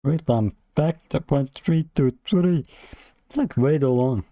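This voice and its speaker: Guy talking to himself while coding, slow, half sentences, swears a bit, keyboard clacking behind, dead dry sound. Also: medium pitch, mellow, no room sound. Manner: thinks aloud in clipped half-sentences, swears when frustrated. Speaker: streamer. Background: keyboard typing.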